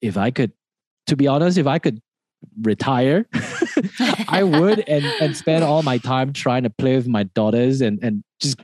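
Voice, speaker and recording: A man's voice: mid-range voice, expressive, a little slow, a little mellow, dry recording. A man in his thirties with a Malaysian accent, a podcast guest chatting casually, rambling with many restarts and laughing often. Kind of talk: casual interview chat.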